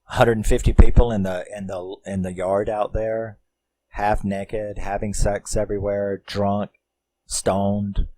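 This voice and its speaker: Guy rambling about a movie, lowish voice, laughs a lot, says you know constantly. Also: flat delivery, measured pace, mellow, dry recording. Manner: rambling, laughs often, lots of fillers. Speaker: film reviewer. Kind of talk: casual film review.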